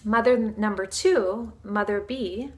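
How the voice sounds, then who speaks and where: A woman's voice: mid-range voice, measured pace. A woman spiritual teacher giving a casual talk in an earnest, flowing way, sprinkled with fillers like "like" and "you know".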